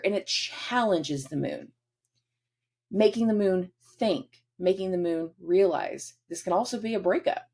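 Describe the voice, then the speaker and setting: A woman's voice: fairly low pitch, unhurried, darkish tone, breathy edge. A woman hosting a casual astrology forecast, chatty and acting out quoted dialogue in different voices.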